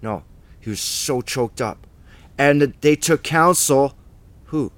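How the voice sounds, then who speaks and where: A man's voice: medium pitch, slow pace. A man teaching the Bible in an informal, emphatic way, rambling with restarts and asides.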